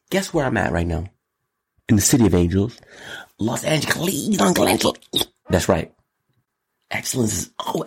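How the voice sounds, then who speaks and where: A man hosting his own show, talking solo in an animated, exclamatory way, riffing and repeating words in long runs. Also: lowish voice, breathy edge. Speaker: show host. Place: Los Angeles.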